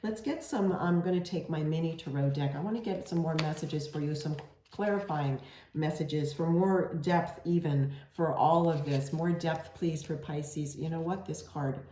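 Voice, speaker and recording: This tarot reader speaks to camera in a mellow, low voice, giving a gentle reading at an easy pace with plenty of ums and restarts. The space is echoey, with a bit of hiss or hum in the recording.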